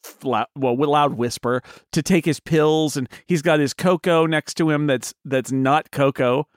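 A man's voice: a little high, unhurried, dry recording. Rambling film-chat man, dry sound. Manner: rambling, animated, many restarts. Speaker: podcast co-host. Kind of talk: casual film discussion.

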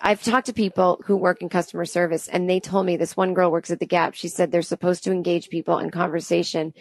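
A woman's voice: fairly low pitch, flat delivery, fast, dry recording. Chatty woman in her thirties, dry mic. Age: 30s. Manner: acts out both sides of the dialogue with chatty asides. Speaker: comedian. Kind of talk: comedic storytelling.

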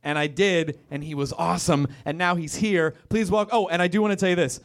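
Fast-talking comic introducing the next act. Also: male voice, sits high, fairly even intonation. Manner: quick, self-correcting, profane banter. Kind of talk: stand-up set and act introduction. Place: comedy club stage before a live audience.

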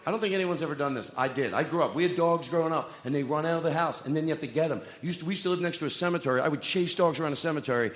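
On a comedy club stage, a stand-up comedian with a voice on the high side fires off his live set with hardly any pauses. He rambles, swears, and jokes with the crowd at his own expense, all in an echoey hall with long reverb.

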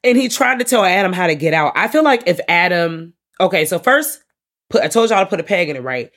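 A man co-hosting a podcast, recapping horror films in casual, animated chat full of slang and swearing. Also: high voice, a little fast. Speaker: podcast co-host.

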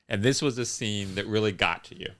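A man's voice: fairly low pitch, fairly quick, fairly bright tone. A man co-hosting a podcast, recapping a movie plot in casual chat with a dry manner. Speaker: podcast co-host.

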